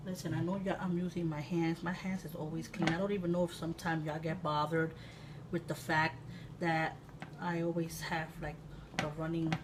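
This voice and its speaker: A woman from Puerto Rico in her thirties, an excitable, chatty cooking-channel host with sudden loud exclamations and laughter, talking casually in her home kitchen. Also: lowish voice. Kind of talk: casual cooking vlog chat. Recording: distant mic with room noise.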